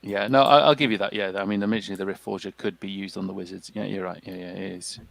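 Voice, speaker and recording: A man's voice: sits low, steady tone, quick pace, vocal fry, no echo, poor audio. A man commentating casually on a tabletop game, hesitant with many restarts and fillers.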